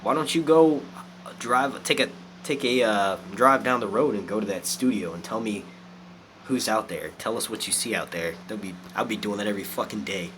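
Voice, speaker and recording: A man hosting a casual live stream, animated and swearing a lot as he reads out chat comments. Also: lowish voice, moderate pace, slight background noise. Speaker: youtube live stream host.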